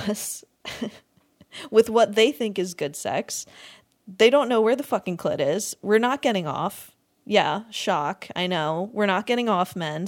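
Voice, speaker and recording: A young woman hosting a podcast, ranting in a crude, exasperated comedic monologue, swearing freely and breaking into laughter often. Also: medium pitch. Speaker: podcast host.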